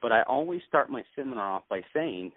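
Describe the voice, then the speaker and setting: A man who owns a clinic, coaching other practitioners in an animated way and acting out what he tells patients. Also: mid-range voice, brisk, dry recording. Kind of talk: conversational sales coaching. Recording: dry, tinny call audio.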